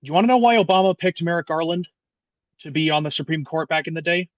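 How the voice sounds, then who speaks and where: A man in his twenties, a podcast guest talking politics in a casual, profane, animated way with many restarts. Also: on the high side, quick pace, dry recording, muffled recording. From United States. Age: 20s.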